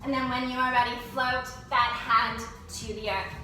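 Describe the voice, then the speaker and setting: A woman's voice: a little high, little pitch movement, moderate pace, pushed and bright, soft background music. A woman yoga teacher guiding a class through poses and breaths, cueing in an encouraging way, recorded indoors. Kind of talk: guided yoga class instruction. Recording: very echoey room, voice from a distance.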